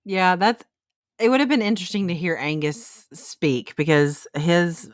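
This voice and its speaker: A woman with a somewhat low voice co-hosts a relaxed book chat. She is chatty and becomes animated when she retells conversations. The recording is dry and close. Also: unhurried, dry recording. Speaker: podcast co-host. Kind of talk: casual book discussion.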